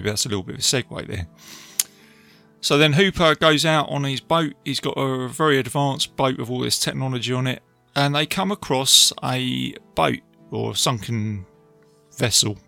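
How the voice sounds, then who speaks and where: A man casually recapping a film, chatty and enthusiastic, tossing in quick impressions of lines. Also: medium pitch, creaky, pushed and bright. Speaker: film reviewer.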